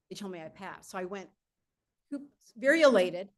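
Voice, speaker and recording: A woman's voice: medium pitch, moderate pace. A middle-aged woman speaks at a public meeting in an informal, heartfelt way. She wanders from memory to memory with many restarts and fillers. Her voice sometimes catches with emotion. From California. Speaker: retiring judge giving farewell remarks.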